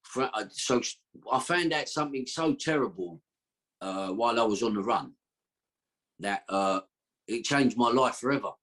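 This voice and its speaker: Appearing as a podcast guest, a man tells a long, rambling story in slangy, streetwise talk. His mid-range voice has a slightly bright edge and moves at a normal pace, suited to casual storytelling.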